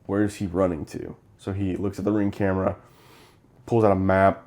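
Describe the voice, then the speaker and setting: A man's voice: low-pitched, flat delivery, moderate pace, darkish tone. A young man co-hosting a casual movie review, retelling scenes with animation and acting out the characters' lines. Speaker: podcast co-host.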